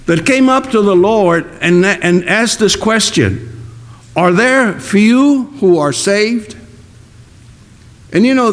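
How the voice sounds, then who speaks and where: A man preaching a sermon, slow and emphatic, repeating key words for weight. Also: sits high. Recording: long reverb of a hall.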